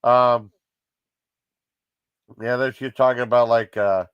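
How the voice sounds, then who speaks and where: A man's voice: mid-range voice, fairly even intonation, takes it slowly, clear, resonant tone, dry recording, lo-fi sound. Guy reviewing TV sketches in a loose, rambling, giggly way; dry, close-sounding recording. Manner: rambling, with many fillers and giggly asides. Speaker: TV comedy show reviewer. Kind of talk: casual chat.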